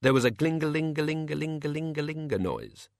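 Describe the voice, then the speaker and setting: A man's voice: on the high side, expressive, a little fast, vocal fry, dry recording. Man reading an audiobook, dry close sound. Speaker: audiobook reader. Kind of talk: scripted narration.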